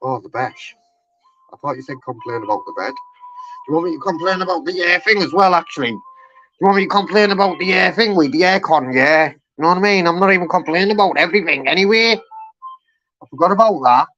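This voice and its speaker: A man in a casual vlog, loud and chatty and swearing freely while he waits on hold. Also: high voice, fast, dry recording. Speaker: vlogger. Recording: slightly dull recording with faint music.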